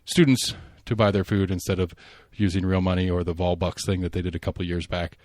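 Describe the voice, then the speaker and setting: A podcast host chatting casually and rambling about local politics, full of fillers and restarts. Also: male voice, low voice, steady tone, a little fast, darkish tone, no room sound, clean studio sound.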